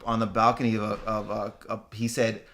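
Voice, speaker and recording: A man's voice: fairly low pitch, monotone, a little fast, fairly bright tone. A man who is a guest comedian on a podcast, telling candid stories in casual chat and often laughing.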